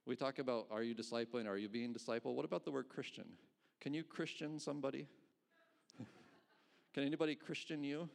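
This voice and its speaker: A middle-aged pastor preaching in an easy, conversational way. He tosses out rhetorical questions and gives small chuckles between his points. His voice sits at an ordinary middle pitch for a man. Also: steady tone, fairly quick, creaky, pauses often. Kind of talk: sermon.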